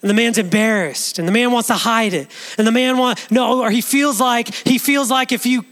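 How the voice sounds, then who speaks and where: A male pastor delivers an earnest sermon, often restarting his sentences. His speaking voice sits high for a man. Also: normal speed, few pauses, a bit bright.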